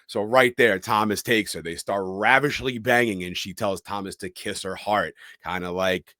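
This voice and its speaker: A man's voice: lowish voice, normal speed, bright, forceful tone, no room sound, studio quality. A man co-hosting a podcast, telling a horror film's plot as a dramatic recap. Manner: dramatic storytelling recap with quoted lines. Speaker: podcast co-host.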